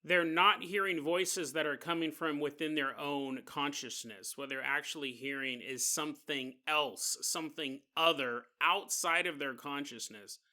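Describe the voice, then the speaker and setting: A man hosting a podcast, telling a story in an animated, jokey way. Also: a little high, unhurried, hardly any pauses. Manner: animated and jokey, often laughing. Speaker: podcast host. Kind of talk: comedic storytelling.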